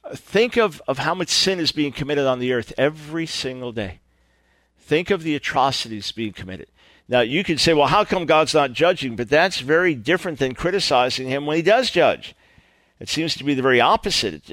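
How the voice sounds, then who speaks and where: A man's voice: mid-range voice, a bit bright, no room sound. Earnest middle-aged male preacher, dry sound. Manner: earnest, repetitive emphatic phrasing. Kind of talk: sermon-style radio teaching.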